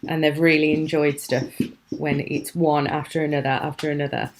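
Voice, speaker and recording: A woman's voice: sits low, level tone, normal speed. A British woman hosting a live craft show from home, chatting admiringly and laughing often. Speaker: craft channel host.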